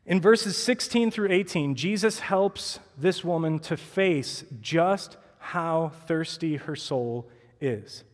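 High-voiced pastor in a reverberant church. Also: male voice, lively intonation, slow. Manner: conversational preaching, acts out quoted voices. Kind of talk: sermon. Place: church sanctuary. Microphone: clip-on mic. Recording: long church hall reverb.

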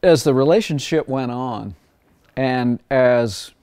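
A record producer talking casually in an interview, rambling through anecdotes and acting out past conversations in a raised voice. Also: male voice, mid-range voice, slow pace, darkish tone, clear, resonant tone, no room sound, studio quality.

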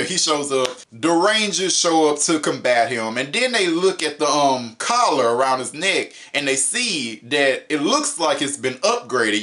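Animated young man reviewing a show. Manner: animated, laughing, pitch jumps up for emphasis; paraphrases characters in quick mock voices. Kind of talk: casual spoken review.

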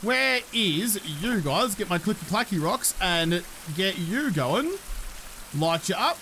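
A man's voice: sits high, lively intonation, takes it slowly, pushed and bright, a little hiss or hum. A man giving chatty, self-mocking solo gameplay commentary, swearing now and then. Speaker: gaming YouTuber.

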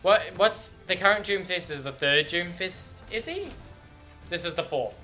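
Excitable young man, bright voice. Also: sits high, normal speed, soft background music. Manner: excitable, rambling, laughs often. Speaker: video game commentator. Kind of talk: casual reaction commentary.

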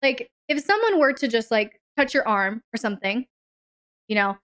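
A woman hosting a live advice session, answering a listener's question with emphatic, drawn-out stressed words and speaking straight to her audience. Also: a little high, sing-song, a bit bright. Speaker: relationship advice host.

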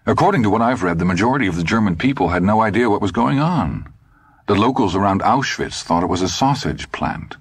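A man's voice: lowish voice, expressive, brisk, slightly rough, no room sound, voice pushed up. A man reading an audiobook, voicing a friendly, chatty middle-aged father who talks in a casual, slightly blunt way. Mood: affable.

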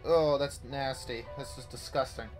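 A young man commentating a horror game playthrough, swearing a lot and swinging from hushed muttering to panicked yelps. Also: mid-range voice, fairly even intonation, moderate pace, faint music behind. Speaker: gaming YouTuber.

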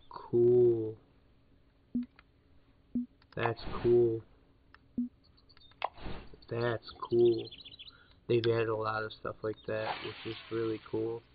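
A man talks through a fishing game in a relaxed, drawn-out way, breaking off to talk to his dog. His voice is gravelly with fry. It comes through a thin, phone-like line with clear hiss behind it. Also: medium pitch. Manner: laid-back, chatting to his dog between remarks. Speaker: gameplay commentator. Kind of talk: casual let's-play commentary. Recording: tinny, noisy lo-fi line.

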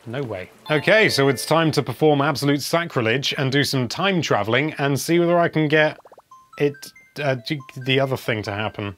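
A man's voice: mid-range voice, animated, moderate pace, a bit bright, faint music behind. A man giving casual, wry commentary over gameplay, chatting and humming as he plays. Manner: wry, chatty, hums while playing. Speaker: game video presenter.

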